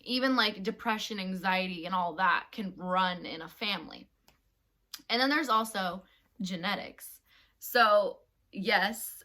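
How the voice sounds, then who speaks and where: A woman with a bright, sharp voice co-hosts a relaxed talk show. She talks in a lively, chatty way, full of fillers and quick laughs. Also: medium pitch. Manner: animated, laughs often, many fillers. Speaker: co-host. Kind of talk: casual podcast chat.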